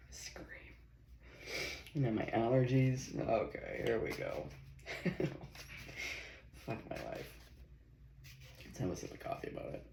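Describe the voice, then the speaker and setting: Chatty man reading tarot, gravelly voice. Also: medium pitch, unhurried, pauses often. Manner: chatty, swears and laughs, talks to himself. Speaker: tarot reader. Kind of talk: casual tarot reading vlog. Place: home kitchen. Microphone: phone. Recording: echoey room with loud background noise.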